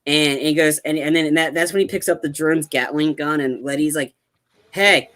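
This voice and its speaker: Podcast co-host, male, animated scene-by-scene recap, heavy on "like". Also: on the high side, a little fast. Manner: animated retelling, acts out quotes, lots of fillers. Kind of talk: casual movie review chat.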